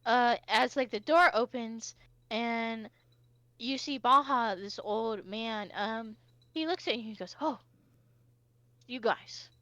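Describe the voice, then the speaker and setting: A woman narrating as game master of a tabletop game, with lots of fillers and hesitant pauses. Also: fairly high pitch, sharp tone, dry recording, highs cut off.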